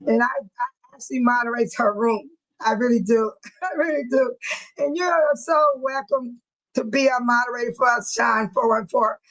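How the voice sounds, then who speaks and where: A woman with a high voice hosts a casual live audio room and keeps dissolving into laughter, gasping for breath between words. Her speech carries as she calls out listeners' names and reads their comments. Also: normal speed, a bit bright, rough recording.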